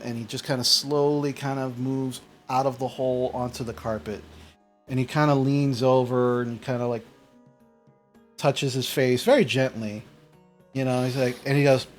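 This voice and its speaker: A man narrating a tabletop game as game master, rambling with restarts. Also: medium pitch. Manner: rambling, full of fillers and restarts.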